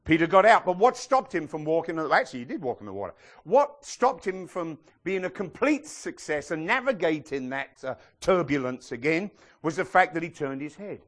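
A middle-aged pastor's slightly high voice carries a spirited sermon at a moderate pace, and he performs the biblical characters as he recounts their tales.

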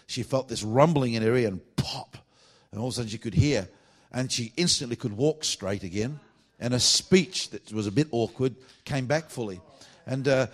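Evangelist, male, preaching with animated, blunt storytelling. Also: mid-range voice. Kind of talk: sermon.

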